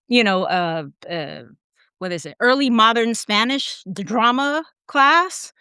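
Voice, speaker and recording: A woman guest on an interview podcast, telling her story with animated asides, quick laughs and acted-out quotes. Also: mid-range voice, smooth, no room sound, clean studio sound. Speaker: podcast guest, academic editor.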